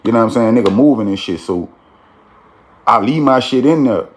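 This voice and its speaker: A man's voice: mid-range voice, animated, fairly quick, a little hiss or hum. A man telling a street story in a casual, slangy way, with frequent "you feel me" tags.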